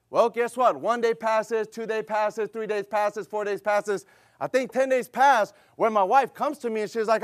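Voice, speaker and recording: A middle-aged male pastor with a strikingly high voice delivers a sermon in a fervent, repetitive cadence, piling up rhetorical questions. The sound is dry and close, with no room around it. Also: moderate pace, dry recording. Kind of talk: sermon with personal story.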